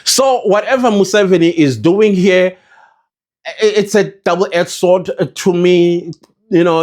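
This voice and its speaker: A South African man with a South African accent giving his opinions in a casual vlog, talking passionately and putting questions to his viewers. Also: a little high. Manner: impassioned, rhetorical, addresses viewers as guys. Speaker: vlogger.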